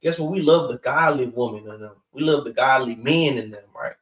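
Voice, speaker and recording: A man's voice: medium pitch, a little fast, fairly bright tone, highs cut off. A man teaching a scripture class in a street-style preaching manner, who keeps repeating "guess what" and "man" and swears casually. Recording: echoey room from far off.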